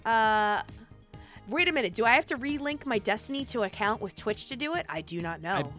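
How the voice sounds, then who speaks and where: A woman's voice: on the high side, expressive, brisk, a bit bright, soft background music. A woman hosting a live stream in a casual chat, bubbly and exclamatory. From not British. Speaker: host.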